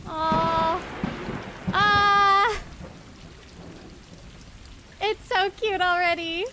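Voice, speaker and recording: A woman streamer giving excited gameplay commentary, giggling and squealing as she gushes over how cute everything is. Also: extremely high pitch, slow pace, pauses often, background noise. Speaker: video game streamer.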